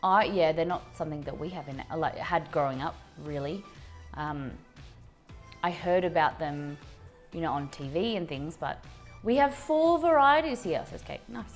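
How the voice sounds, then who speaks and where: A woman's voice: deep voice, animated, moderate pace. A woman hosting a casual live cooking stream, reading out viewer messages in a chatty, rambling way and laughing at her own slips. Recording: faint music in background.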